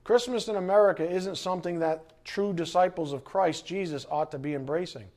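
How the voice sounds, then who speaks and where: A middle-aged man delivers a sermon as pastor, his voice sitting high for a man. He preaches in an animated way, acting out the voices of people he quotes and now and then breaking into a shout. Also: fairly quick.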